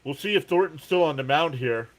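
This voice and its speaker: A man with a New Jersey accent hosts a live baseball reaction stream. He calls each pitch and the count in a casual, chatty way. Between plays he reads out viewers' messages and answers them. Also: animated, fairly quick. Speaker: live sports reaction host. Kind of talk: live baseball play-by-play and chat.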